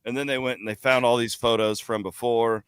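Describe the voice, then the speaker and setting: A man's voice: mid-range voice, a little fast, smooth. A man co-hosting a sports podcast, chatting casually and animatedly, telling travel stories from an airport bar over a remote call. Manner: animated storyteller, laughs at his own stories. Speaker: podcast co-host.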